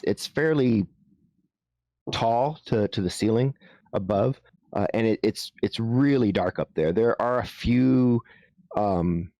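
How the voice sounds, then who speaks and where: A man running a tabletop game as game master, explaining rules in a halting way with frequent restarts. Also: lowish voice, dark tone, no room sound, clean studio sound.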